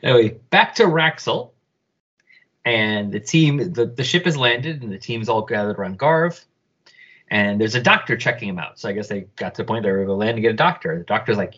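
Husky, animated man reading comics aloud. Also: lowish voice, brisk. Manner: animated, joking, describes panels. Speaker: podcast co-host reading a comic. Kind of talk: casual read-along chat. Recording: dull lo-fi recording.

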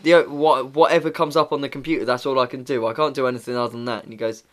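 A man's voice: mid-range voice, fairly even intonation, racing, a bit bright. A young man from England chats casually, telling a story full of swearing. He slips in and out of changed voices to play the people in it. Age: young adult. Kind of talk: casual chat.

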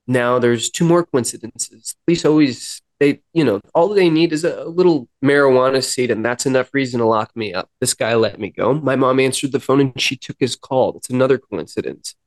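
A man guest on a podcast, earnestly telling a personal story and acting out dialogue, with halting restarts. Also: mid-range voice, dry recording. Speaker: podcast guest, musician in recovery. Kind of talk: personal storytelling in a sit-down interview.

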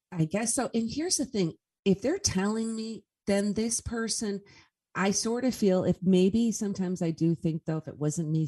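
A woman's voice: fairly low pitch, mellow. A woman speaking as a guest medium in a casual interview, telling stories in an earnest way.

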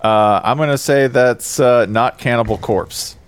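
A man playing a laid-back college football coach, answering in a rambling, hesitant, deadpan way during a comedic bit in a casual chat. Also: mid-range voice, unhurried, clean tone, natural voice.

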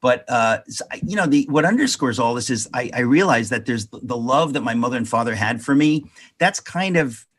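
A husky-voiced man recounts a family memory as an interview guest. He rambles and often restarts his sentences as he goes. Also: medium pitch, animated, brisk, fairly bright tone. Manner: rambling, self-correcting anecdotes. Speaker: author guest. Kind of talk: storytelling in an interview.

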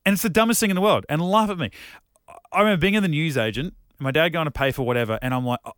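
Thirties male podcast co-host, quick rambling storyteller, swears freely, dry close sound. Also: fairly high pitch, fairly bright tone, clean tone, dry recording. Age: 30s. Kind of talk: casual chat.

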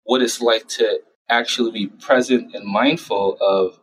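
Animated man explaining casually. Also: fairly low pitch, slightly rough, rough recording. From United States. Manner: animated, acts out parents and himself in quick voices. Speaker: child and adolescent psychiatrist. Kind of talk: conversational interview answers.

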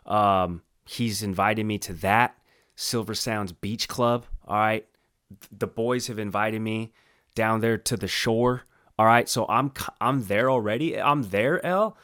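A man's voice: lowish voice, steady tone, unhurried, fairly bright tone. A man co-hosting a sports talk show, joking in laid-back banter. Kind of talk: casual sports chat.

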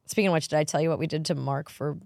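A woman's voice: deep voice, steady tone, rapid-fire, gravelly, darkish tone, no echo. Chatty woman podcast co-host, dry close sound. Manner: chatty storyteller, acts out quotes. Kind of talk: casual chat.

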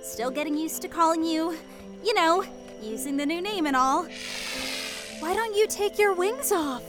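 A cheerful, gushing young swan maiden, as a woman acts her out in a fantasy audio drama. Her voice is high and bounces all over the place. Music plays clearly behind her. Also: animated, measured pace. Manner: gushing, cheerful, uses teen slang like "totally". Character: bubbly, chatty young swan maiden sister.

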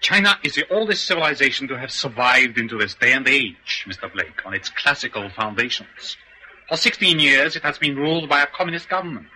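An actor playing a cold, scheming male criminal mastermind in a vintage radio drama, speaking in a formal, measured, menacing way. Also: mid-range voice, sing-song, bright, forceful tone, a little hiss or hum, rough recording.

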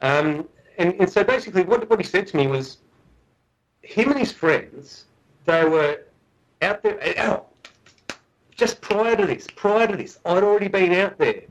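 A man's voice: sits high, lively intonation, a little slow, pauses often, poor audio. A middle-aged man, a guest researcher, telling a story in a podcast interview, earnest and often restarting and repeating his words. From Australia.

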